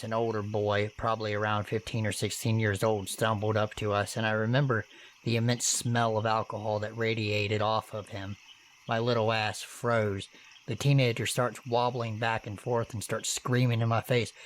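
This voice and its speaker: A man narrating true horror stories in first person, with steady, earnest delivery and casual swearing. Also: on the low side, moderate pace, a little hiss or hum.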